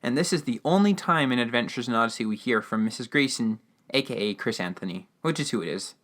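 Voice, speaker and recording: A man's voice: mid-range voice, expressive, quick pace, a bit bright. A man hosting a podcast, giving a casual, rambling recap of a radio drama episode with lots of fillers and restarts. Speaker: podcast host.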